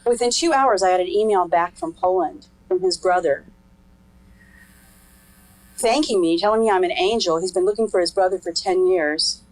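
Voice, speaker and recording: A woman's voice: lowish voice, normal speed, dry recording, rough recording. A middle-aged woman giving candid personal testimony in an interview, frank and earthy, laughing now and then as she tells it. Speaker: interviewee telling her life story.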